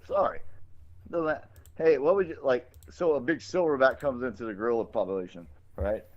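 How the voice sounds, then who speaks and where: A man chats on a podcast in a mid-pitched voice, rambling and cursing as he jumps from one idea to the next. The recording is dull and lo-fi, with the top end rolled off. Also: moderate pace. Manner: rambling, profane and animated. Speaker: podcast co-host. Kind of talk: casual podcast chat.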